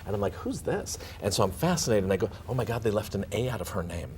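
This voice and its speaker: A middle-aged man, a guest in a casual interview, telling animated stories with laughs and acted-out bits. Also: fairly low pitch, very fast, very noisy. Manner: animated, laughing, acts out and hums snippets.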